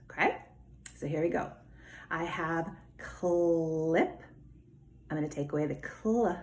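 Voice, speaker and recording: A woman teaching a remote phonics lesson, sounding out words slowly and clearly and praising her pupils. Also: sits low, a little mellow. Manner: slow, clearly enunciated, encouraging teacher talk.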